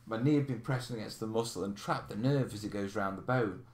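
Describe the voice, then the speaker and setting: A man's voice: lowish voice, fast, a little mellow. A man hosting a live question stream, chatting casually, laughing and reading out viewer comments. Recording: roomy echo.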